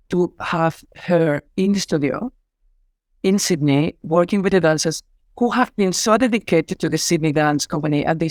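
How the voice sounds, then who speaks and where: A man's voice: fairly high pitch, dry recording, clean studio sound. A middle-aged man with a Spanish accent, answering interview questions in an effusive, rambling way with many fillers. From Spain. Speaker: artistic director and choreographer.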